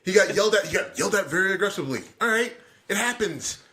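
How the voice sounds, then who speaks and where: Animated, profane American man. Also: high voice, fast talker. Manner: loud, profane storytelling. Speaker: podcast co-host. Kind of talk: casual chat.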